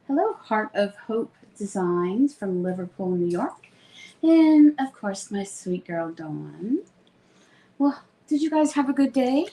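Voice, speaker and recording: A woman's voice: medium pitch, big pitch swings, slow pace, mellow, poor audio. A woman hosting a casual live stream from her craft studio, chatting and greeting viewers one by one by name before presenting new products. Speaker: host and owner of a craft stamp company. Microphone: phone streaming live.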